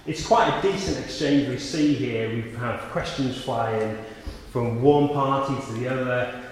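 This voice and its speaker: A man's voice: medium pitch, a little slow. A man giving a sermon in a church, preaching conversationally and sometimes rising to sudden emphatic peaks. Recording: echoey church hall with faint ambience.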